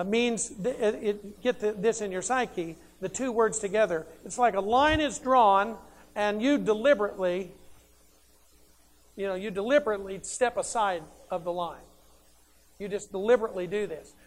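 Emphatic male preacher posing rhetorical questions. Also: sits high. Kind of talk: sermon.

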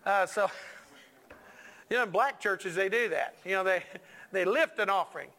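A man's voice: sits high, unhurried, sharp tone. A male pastor preaching a sermon in a church, joking with the congregation and stressing lines with emphatic repetition.

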